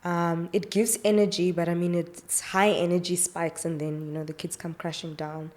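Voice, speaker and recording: A woman speaking as a pediatrician guest in a relaxed, chatty way, with plenty of fillers. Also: on the low side, normal speed. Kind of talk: casual explanatory chat.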